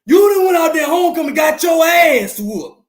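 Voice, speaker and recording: A man with a high, lively voice loudly gloats over a rival team's loss on his live stream. He keeps repeating his jabs and cuts them with laughter and whoops. The sound comes from a roomy, echoey space. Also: moderate pace. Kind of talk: trash-talking sports live stream.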